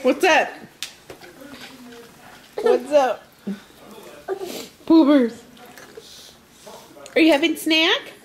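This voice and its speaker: A woman's voice: high voice, drawn-out words, long pauses, a little hiss or hum. A woman filming a home video at snack time, talking to her small children in cooing, sing-song baby talk.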